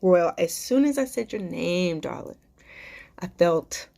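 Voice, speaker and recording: A woman with a slightly low voice hosts a live stream Q&A as a life coach. She talks to her viewers with deep affection, calling them darling, baby and sweetheart. Her encouragement is spiritual and emotional, close to tears. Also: lively intonation, unhurried, vocal fry, dark tone.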